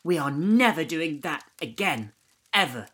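A man's voice: fairly high pitch, big pitch swings, a little fast, fairly bright tone, voice pushed up. A man voicing Ellie, a firm, bossy young woman in a group of friends, in a ghost story reading. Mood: stern.

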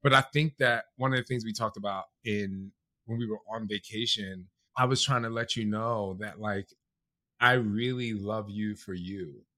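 A man in his thirties co-hosts a podcast with his husband, chatting in a casual, heartfelt way packed with "like" fillers, his voice cracking with emotion. His voice is on the low side, pushed and bright, at a moderate pace on a dry recording.

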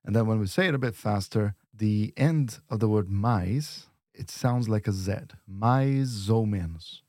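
A man teaching on a lesson podcast, modelling words slowly and patiently. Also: fairly low pitch, darkish tone, no echo, studio quality. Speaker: language teacher.

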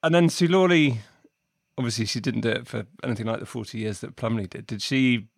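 Guy hosting an interview, gravelly, halting, dry close mic. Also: medium pitch, dry recording. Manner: hesitant, thinking aloud, laughs between words. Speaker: podcast host. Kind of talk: conversational interview.

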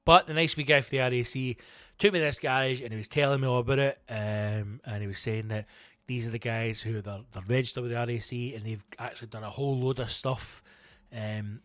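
A man's voice: mid-range voice, no echo, clean studio sound. Swearing Scottish man telling a story. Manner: profane, animated, self-mocking. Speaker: comedian podcast host. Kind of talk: comic storytelling monologue.

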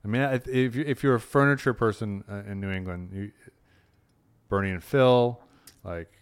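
A man's voice: on the low side, moderate pace, smooth. A man who is a comedian, guesting on a podcast in casual chat, joking and hesitating with many fillers.

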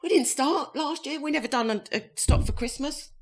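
A woman's voice: high-pitched, moderate pace. A woman co-hosting a podcast in casual chat, teasing her partner and laughing often. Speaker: podcast co-host.

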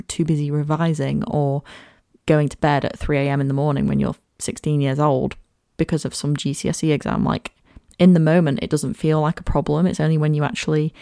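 Girl early 20s doing a chatty podcast ramble, low-ish, lots of fry, dry sound. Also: darkish tone, dry recording. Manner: candid and reflective, chatty with many "like" and "you know" fillers. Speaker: podcast host. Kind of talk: personal podcast monologue.

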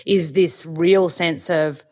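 A woman's voice: deep voice, steady tone, slow, a little mellow. A woman with an Australian accent hosting a podcast, enthusiastic and casual, recorded over a video call. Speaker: podcast host. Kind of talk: casual interview chat.

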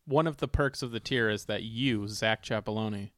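A man's voice: on the low side, normal speed, fairly bright tone, no room sound, studio quality. A man co-hosting a comedy podcast, rambling and chatty with lots of fillers. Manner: rambling, filler-heavy, laughing. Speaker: podcast co-host. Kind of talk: casual comedic chat.

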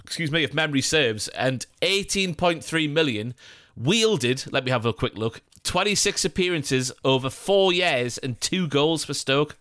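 A man's voice: a little high, expressive, unhurried, a bit bright, no echo, studio quality. A man co-hosting a casual football podcast, joking and reading out listener mail with playful asides. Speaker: podcast co-host.

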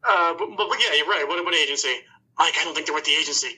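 A man's voice: a little high, rapid-fire, sharp tone, husky, rough recording. A man playing a tabletop game, voicing a robot character in goofy, awkward banter. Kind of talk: tabletop role-play banter.

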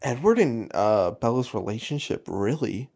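A man's voice: medium pitch, expressive, normal speed, darkish tone. Laid-back man with dry reactions. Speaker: podcast co-host. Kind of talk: casual book-club podcast chat.

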